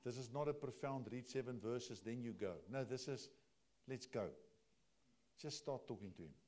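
A man's voice: mid-range voice, normal speed. Man preaching a conversational sermon. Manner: conversational preaching, swinging from quiet to loud. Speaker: pastor.

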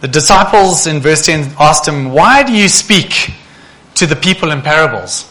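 A man preaching with a bright, forceful voice that sits somewhat high. He is animated and keeps asking the congregation rhetorical questions. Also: moderate pace. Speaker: pastor. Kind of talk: sermon.

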